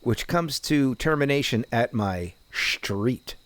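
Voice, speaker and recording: A man's voice: medium pitch, slow, dry recording. Rambling New Jersey man, dry mic. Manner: rambling, animated, profane, with many restarts. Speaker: podcast co-host. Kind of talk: casual chat.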